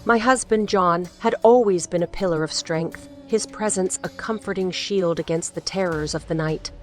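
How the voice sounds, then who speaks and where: A woman voicing a frightened, grieving widow in an audiobook, speaking in a trembling, hushed voice. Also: lowish voice, normal speed, close to an everyday voice. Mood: fearful. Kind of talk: audiobook character voice.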